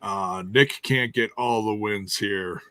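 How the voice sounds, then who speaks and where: A man's voice: on the low side, slow pace, sharp tone, dry recording. A man hosting a wrestling review podcast, chatting casually and jokingly with lots of fillers. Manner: joking, rambling, with frequent fillers. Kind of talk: casual chat.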